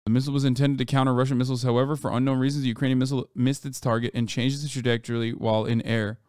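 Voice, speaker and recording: A man streaming live, reacting to news with profane, animated commentary and talking back to his chat. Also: mid-range voice, clear, resonant tone, no echo, clean studio sound. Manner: reads quotes aloud quickly.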